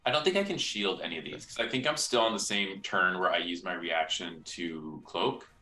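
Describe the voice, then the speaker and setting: Low-ish guy with a bright tense tone, counting dice and chatting through his turn. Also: expressive, moderate pace. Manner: chatty, thinks aloud, counts dice out loud. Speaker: player. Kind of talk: tabletop gaming chat.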